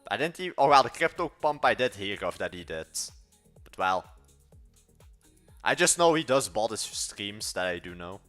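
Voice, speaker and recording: This late-teen Belgian livestreamer, a coder with a mixed European accent, rambles through casual replies to viewers, correcting himself partway through and not holding back his opinions. He speaks at normal speed in a fairly low, sing-song, fairly bright voice over soft background music.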